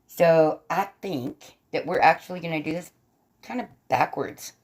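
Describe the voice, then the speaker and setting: A chatty woman with a faint Southern American lilt hosts a casual livestream from her bed, coloring as she talks. Her voice sits fairly low and she laughs easily while answering the chat. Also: measured pace, a little mellow. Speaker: livestream host and artist. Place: bedroom, propped up in bed.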